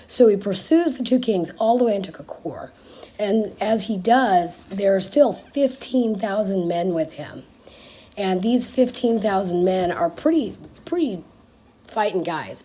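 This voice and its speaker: A woman's voice: mid-range voice, expressive, a little slow, mellow, slightly rough. Chatty woman retelling a Bible story. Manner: slangy and chatty, dropping to a whisper for asides.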